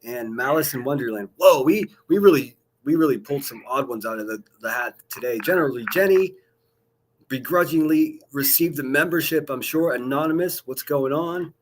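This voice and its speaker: Laid-back guy hosting a livestream call-in, mid pitch, jokey. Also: normal speed. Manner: easygoing, jokey, reads out names. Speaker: call-in show host. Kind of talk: casual livestream chat.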